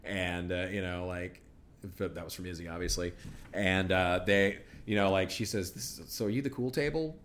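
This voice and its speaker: A man's voice: low voice, moderate pace, a bit bright, slight background noise. A man co-hosting a podcast, recapping a TV episode in rambling, sardonic casual chat full of fillers. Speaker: podcast co-host.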